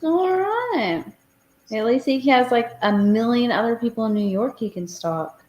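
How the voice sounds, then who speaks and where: A woman's voice: on the high side, expressive, a little slow, a little mellow, reverberant. A woman giving short, wry reactions in casual group chat.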